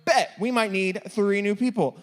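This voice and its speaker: Brief: male game host, higher voice, joking with teens in a church youth room. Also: normal speed. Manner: playful, laughing, teasing.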